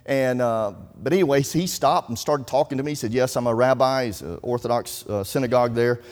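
A man's voice: mid-range voice, brisk, a little mellow. A man preaching a sermon, telling folksy stories and quoting scripture. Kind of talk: sermon storytelling. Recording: reverberant hall.

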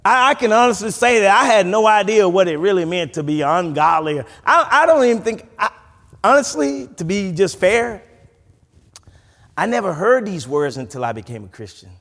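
High, lively male preacher in a hall. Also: moderate pace. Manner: animated preaching with frequent stammered restarts. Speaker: pastor. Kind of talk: sermon. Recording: long reverb from a large hall.

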